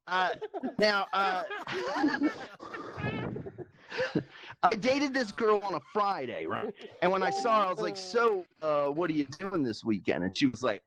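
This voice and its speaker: A man's voice: high-pitched, wildly swooping pitch, unhurried, pauses often, a crowd in the background. A man doing a stand-up comedy set, rambling and crude, laughing at his own jokes and switching voices for the people he quotes. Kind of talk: stand-up comedy set in a virtual reality club.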